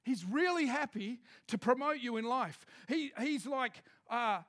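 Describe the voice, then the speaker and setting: High-voiced man preaching with jokes. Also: measured pace, few pauses. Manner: lively, joking, conversational preaching. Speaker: pastor. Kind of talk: sermon. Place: church hall with a congregation.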